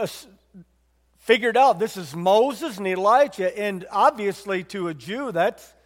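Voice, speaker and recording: A man with a high, light voice preaches a sermon. He talks conversationally and often turns to his listeners with questions. His voice rings with the long reverb of a large hall. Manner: conversational, asks the congregation questions.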